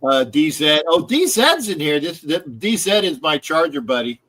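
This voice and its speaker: A man with a fairly high voice hosts a loose sports livestream. He rambles through his thoughts and restarts sentences often. He swears casually along the way. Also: very animated, normal speed, a bit bright, poor audio. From Philadelphia area. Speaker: livestream host.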